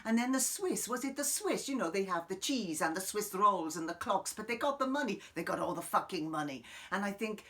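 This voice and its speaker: A man playing an eccentric middle-aged woman guru, rambling and swearing in an improvised comic monologue, lurching between loud outbursts and hushed asides. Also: high-pitched, expressive, a little fast, few pauses. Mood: rambling musing. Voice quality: profane, wandering, sudden loud outbursts then quiet asides. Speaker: comic character host. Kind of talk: improvised character monologue to camera.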